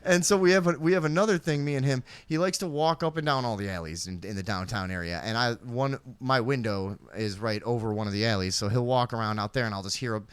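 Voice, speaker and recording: A man's voice: medium pitch, fast, few pauses, smooth, no echo. A man co-hosting a podcast, telling rambling neighborhood stories in casual chat. He swears freely and acts out the people in his stories. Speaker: podcast co-host.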